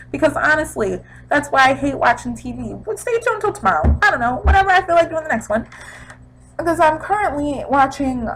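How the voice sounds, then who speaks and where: A young woman casually recapping a TV episode in a chatty, animated way, throwing in sound effects. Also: mid-range voice, a little hiss or hum, low-quality recording. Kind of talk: casual chat.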